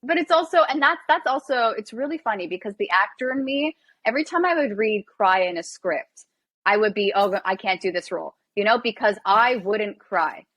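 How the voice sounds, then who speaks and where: A woman's voice: a little high, expressive, normal speed, a bit bright, dry recording. Emphatic woman podcast host, dry sound. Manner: emphatic, empathetic, talks in bursts with restarts. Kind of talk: interview conversation.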